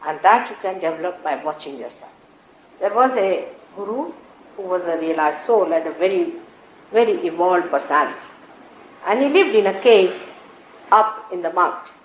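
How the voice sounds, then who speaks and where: A woman spiritual teacher giving a public talk, unhurried and gentle, with emphatic repetition as she tells stories. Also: lowish voice, animated, muffled recording, slight background noise. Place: large lecture hall. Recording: roomy 1980s hall recording.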